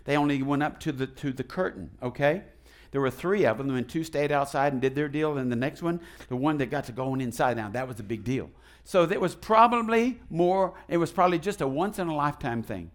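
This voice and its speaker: Male pastor, fairly high voice, folksy and animated sermon delivery, questions tossed to the pews. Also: fairly quick. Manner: animated, asks the congregation questions and leads call and response; folksy, retells the story in his own casual words.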